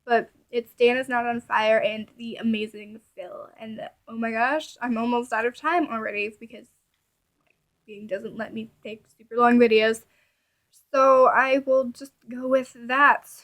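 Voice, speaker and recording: A woman's voice: a little high, fairly even intonation, unhurried, fairly bright tone. A young woman vlogging in a rambling, casual chat full of filler words.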